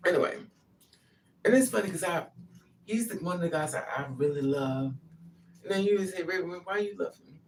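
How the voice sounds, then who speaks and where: A woman talks through a personal story in a loose, animated monologue, slipping into the voices of the people in it. Her voice has a gravelly edge. She sits a little back from the mic, with faint noise underneath. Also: lowish voice, fairly quick, distant mic. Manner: animated, acts out quotes.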